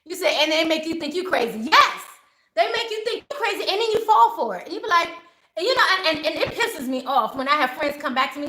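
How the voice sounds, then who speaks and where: A woman's voice: extremely high pitch, fast. A middle-aged woman, a spiritual advisor, talking casually and animatedly to her viewers and acting out what people say. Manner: animated, acts out quoted voices. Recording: roomy echo.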